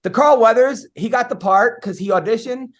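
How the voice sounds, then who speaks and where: A man's voice: very high-pitched, normal speed. A man hosting a podcast, telling rambling stories in casual chat and swearing freely. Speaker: podcast host.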